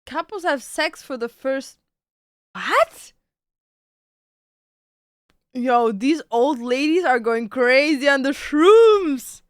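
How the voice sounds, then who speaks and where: A woman's voice: sits high, expressive, slow, hardly any pauses, no echo, studio quality. A woman streamer chatting casually at home with a cat on her lap, swearing now and then and reading viewer questions aloud. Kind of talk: casual live-stream chat.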